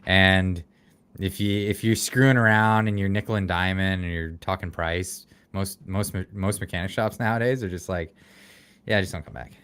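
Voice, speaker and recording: A man's voice: deep voice, steady tone, normal speed, fairly bright tone, smooth. A Canadian man with a mild accent, chatting casually on a livestream and reading viewer comments aloud. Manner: rambling, restarts, reads chat aloud. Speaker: livestream guest, political YouTuber.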